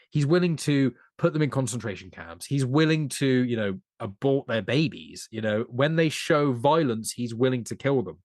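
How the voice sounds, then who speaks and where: A man's voice: mid-range voice, no echo. Man, mid-range voice, earnest long-winded film talk, dry sound. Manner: earnest, analytical, rambles on at length. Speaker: podcast co-host. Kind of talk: casual film discussion.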